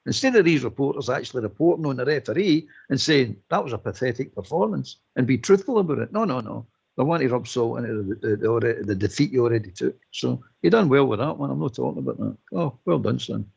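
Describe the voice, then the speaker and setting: A man's voice: mid-range voice, expressive, fast, creaky, darkish tone, breathy edge. A man on a football phone-in, blunt and heated, repeating his points. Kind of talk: casual football phone-in chat. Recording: dull lo-fi line.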